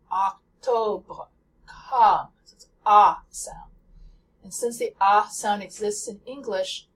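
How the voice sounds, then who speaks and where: A woman gives a pronunciation lesson at an unhurried, measured pace. She explains each step carefully and lingers on the example words she models. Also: medium pitch, poor audio. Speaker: language teacher.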